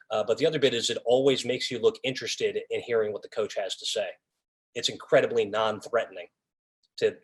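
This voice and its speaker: A man leading an officials' training session on a video call, talking casually and acting out what officials and coaches say. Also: medium pitch. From raised by Long Islanders. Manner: animated, acts out lines of officials and coaches. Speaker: officiating instructor.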